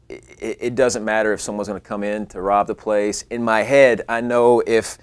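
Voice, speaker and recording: A young man, an actor, telling a fast, animated story about himself in a casual way. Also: lowish voice, smooth, dry recording. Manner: animated, acts out his own lines in a rising voice. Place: California.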